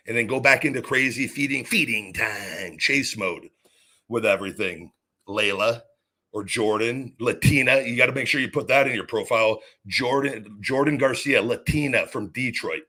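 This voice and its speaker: A man's voice: mid-range voice, pushed and bright, husky. Angry, profane male podcast host. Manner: angry, profane, repetitive restarts. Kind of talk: ranting monologue.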